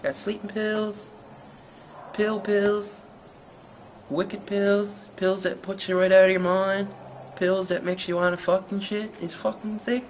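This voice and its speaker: An actor with a Newfoundland accent playing a young small-town rapper who rambles through a hazy, profane story in an interview. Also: male voice, high voice, flat delivery, takes it slowly, slight background noise, rough recording. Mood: rambling. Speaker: mockumentary interviewee.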